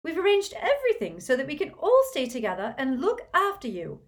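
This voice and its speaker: A woman voicing a worried, coaxing middle-aged mother witch in a storybook reading, pitched well above her own voice. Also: huge pitch swings, brisk. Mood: anxious coaxing. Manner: coaxing, high and pleading.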